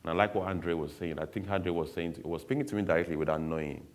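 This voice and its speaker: A man's voice: deep voice, fast talker. A man giving a candid, emotional personal testimony to an audience, speaking bluntly.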